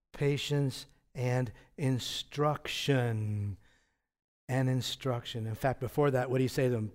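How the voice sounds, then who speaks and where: A man preaching a sermon in a conversational way, asking his listeners rhetorical questions and laughing softly now and then. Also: mid-range voice. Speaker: pastor.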